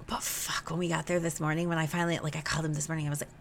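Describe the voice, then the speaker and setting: Brief: young woman host, lowish voice, emotional confessional monologue, salty language, faint background hum. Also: very fast. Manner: emotional, swears freely, animated retelling. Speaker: podcast host. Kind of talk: candid personal podcast monologue.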